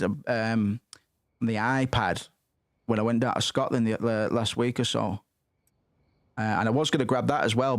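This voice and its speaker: Casting: young man, rambling sweary gamer, dry close mic, mid pitch. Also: dry recording. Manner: sweary, rambling, muttering asides. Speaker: gaming streamer. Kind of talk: casual gameplay commentary.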